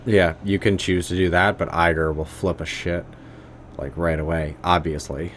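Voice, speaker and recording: Sarcastic low-voiced game streamer. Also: male voice, steady tone, moderate pace, slight background noise. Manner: sarcastic, casual. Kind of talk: game let's play commentary and reading.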